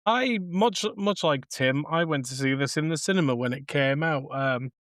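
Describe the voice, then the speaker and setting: A man's voice: fairly high pitch, normal speed, a bit bright, no room sound. A man co-hosting a podcast, speaking in a dry, hesitant way with frequent ums. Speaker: podcast co-host. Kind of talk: casual film review chat.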